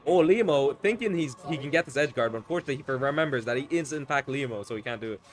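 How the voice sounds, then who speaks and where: A man doing casual live commentary on a fighting game, loud and teasing, swearing freely. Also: medium pitch, animated, quick pace. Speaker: esports commentator.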